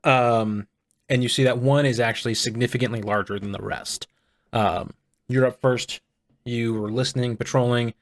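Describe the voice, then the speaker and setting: A man running a tabletop game as game master, narrating the scene in a relaxed way with frequent ums and uhs. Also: mid-range voice, normal speed, no echo, clean studio sound.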